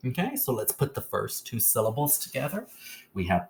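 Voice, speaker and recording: A man teaching a phonics lesson, slowly sounding out syllables and checking in with frequent "okay?". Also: mid-range voice, big pitch swings, gravelly.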